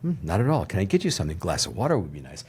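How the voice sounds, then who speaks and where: An older man with a fairly low voice, a guest in an interview. He tells his story with energy and acts out the other people's lines. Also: wildly swooping pitch, very fast, a little mellow, slightly rough. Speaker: TV producer, podcast guest.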